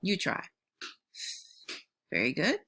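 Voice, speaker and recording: A woman teacher giving a phonics lesson to young children at home, modeling sounds slowly and praising them patiently. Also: on the low side, huge pitch swings, pushed and bright, husky.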